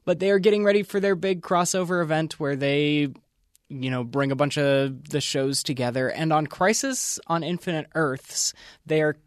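A man's voice: a little high, normal speed, dry recording, studio quality. A man co-hosting an entertainment chat, reviewing films in an enthusiastic, explanatory way. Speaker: co-host, film reviewer. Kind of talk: casual entertainment news chat.

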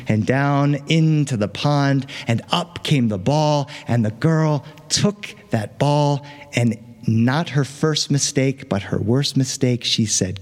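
A man telling a fairy tale live to an audience, animated and chatty with playful asides. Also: mid-range voice, measured pace, in a large hall. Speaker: storyteller. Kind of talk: live oral storytelling.

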